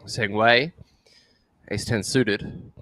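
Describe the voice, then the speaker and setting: A man's voice: on the low side, steady tone, extremely slow, bright, forceful tone, no echo. A man doing live poker commentary in a playful, teasing way. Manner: playful, teasing, laughs easily.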